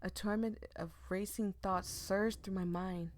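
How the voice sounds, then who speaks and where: With faint music behind her, a medium-pitched woman streamer reads from a visual novel in a steady tone, yet she's emotive and absorbed, breaking into nervous giggles and rushed remarks.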